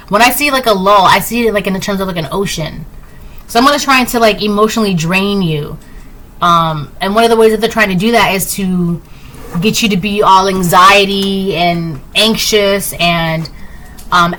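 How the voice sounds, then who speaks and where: A tarot reader gives a casual reading in a medium-pitched, pushed, bright voice over poor audio. She rambles with lots of "like" and "right?", breezy and dismissive, repeating "blah, blah".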